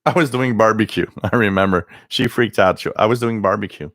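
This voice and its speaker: A man's voice: fairly low pitch, a little fast, fairly bright tone, dry recording, studio quality. A man hosting a live stream, chatting casually, reading viewer comments and telling rambling stories with many restarts. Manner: mimics others with a raised voice.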